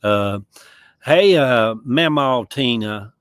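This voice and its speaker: A man's voice: medium pitch, expressive, slow pace, fairly bright tone, clean tone, dry recording. A man with a Southern US accent chatting casually on a livestream from outdoors, rambling in a folksy way with chuckling asides. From American South. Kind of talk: casual chat. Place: outdoors in a yard.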